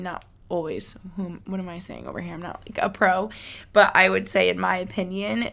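This solo podcast comes from a woman in her twenties whose medium-pitched voice has vocal fry and a fairly bright tone. She talks casually and openly, using lots of fillers and laughing lightly.

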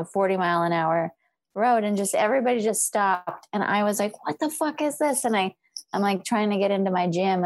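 A woman's voice: lowish voice, no echo. A woman from California telling a story in casual chat, laughing often and acting out the people she quotes. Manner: animated, laughing, acts out quoted voices.

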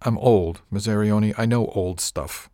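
A man voicing an older ship captain in an audiobook. He has a deep, dry voice and a measured, wry way of talking. The recording is close and without room sound. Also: mellow, no room sound, lightly acted. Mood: calm.

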